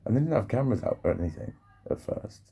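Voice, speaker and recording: A man's voice: lowish voice, sing-song, fast, creaky, warm tone, breathy edge. A man rambling and swearing freely through a casual vlog monologue, often breaking off and restarting his sentences. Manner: rambling, sweary, self-interrupting. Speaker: vlogger.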